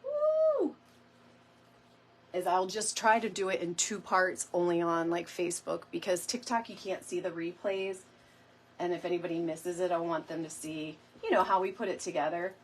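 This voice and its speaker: A woman's voice: lowish voice, steady tone, fairly quick, husky. A middle-aged woman hosting a live crafting stream in a chatty, rambling way, talking to viewers while she works and fighting off a lingering cough. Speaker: DIY crafting host.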